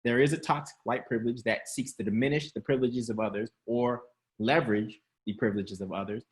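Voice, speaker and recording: A man's voice: mid-range voice, steady tone, a little fast. Laughing, conversational male preacher. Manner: conversational, laughing, calls out to the audience. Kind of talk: sermon to an online congregation.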